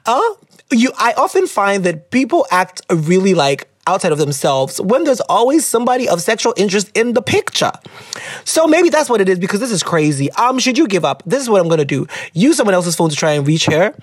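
A young woman hosts a podcast in a loose, chatty style, reading out listener letters. Her pitch bounces around a lot as she laughs, goes off on tangents and drops in Twi slang. The recording is close and dry, with no room sound. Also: very animated, fairly quick, slightly rough, dry recording. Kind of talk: casual chat.

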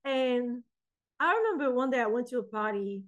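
Young woman poet, French accent, slightly high voice, animated interview storytelling. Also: moderate pace, lo-fi sound. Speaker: poet and author. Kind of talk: interview conversation.

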